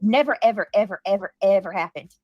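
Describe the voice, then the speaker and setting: A woman hosting a heated livestream, talking fast and defensively with many restarts. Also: mid-range voice, dry recording, dull audio, faint music behind. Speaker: livestream commentary host. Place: home.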